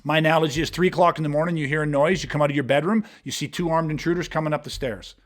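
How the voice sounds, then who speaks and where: A man's voice: on the high side, fairly even intonation, racing. A man talking bluntly and emphatically in a podcast conversation, swearing freely as he walks through street-confrontation scenarios. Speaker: martial arts instructor.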